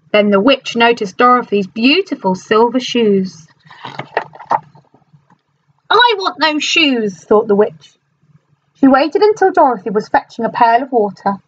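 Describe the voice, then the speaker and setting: A woman teacher reading a storybook aloud to her class in an animated, expressive manner. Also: fairly high pitch, dull audio.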